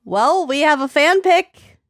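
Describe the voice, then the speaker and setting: A young woman with a fairly high voice co-hosts a casual podcast and breaks into giggles often. Her banter is quick and playful. She is recorded close and dry, with no room sound. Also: lively intonation, no room sound. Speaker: podcast co-host. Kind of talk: casual chat.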